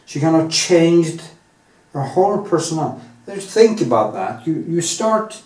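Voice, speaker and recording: A man with a Norwegian accent thinking out loud as he paints, rambling candidly with many restarts and drawn-out stretches. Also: fairly high pitch, big pitch swings. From Norway. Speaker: artist. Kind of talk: casual monologue while painting. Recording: echoey room, mic set at a distance.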